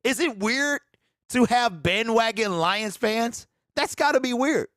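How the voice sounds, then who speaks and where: A man in his forties hosts a casual fan show. His voice sits high for a man and swings widely in pitch as he riffs on viewer comments and laughs. The sound is close and dry, with almost no room around it. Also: measured pace, no echo. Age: 40s. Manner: animated, laughs often, talks straight to the audience. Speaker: sports fan show host. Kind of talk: casual live-stream chat reading viewer comments.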